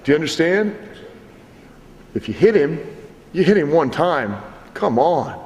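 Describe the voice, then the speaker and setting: A man's voice: on the high side, a little slow. A middle-aged man coaching wrestlers, critiquing matches and acting out scenes with swearing. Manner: animated, profane, acts out scenes. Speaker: wrestling trainer. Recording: echoey hall, faint background noise.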